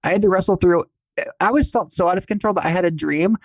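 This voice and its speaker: Chatty faith podcast speaker, middle pitch, pokes fun at self, dry mic. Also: fast, no echo. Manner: chatty, many fillers and restarts, self-mocking. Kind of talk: casual spiritual conversation.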